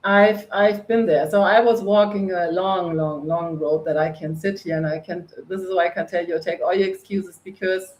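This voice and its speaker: A woman's voice: on the low side, normal speed, few pauses, low-quality recording. A middle-aged woman from northern Germany with a German accent, speaking bluntly and with energy as a guest coach on a podcast. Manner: energetic, blunt, laughs often. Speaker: guest, face yoga coach. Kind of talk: podcast interview.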